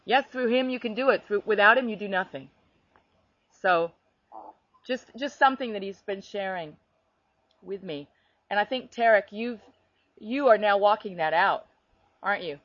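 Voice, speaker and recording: A woman telling a personal faith story in animated, conversational storytelling, laughing now and then. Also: medium pitch, moderate pace, pauses often, no echo, highs cut off. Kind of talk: faith testimony chat.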